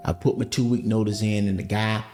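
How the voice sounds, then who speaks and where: A man's voice: lowish voice, fairly even intonation, a little fast, warm tone, faint music behind. A man telling his life story in a podcast, speaking animatedly and calling his listeners family. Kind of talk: casual testimony storytelling.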